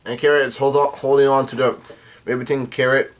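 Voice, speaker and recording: A man talks through a manga chapter in a loose, rambling way, stopping often on "uh" and restarting his sentences. His voice sits at an ordinary middle pitch for a man. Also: little pitch movement, brisk. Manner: rambling, full of "uh" fillers and restarts. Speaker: manga reaction host. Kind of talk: casual manga recap.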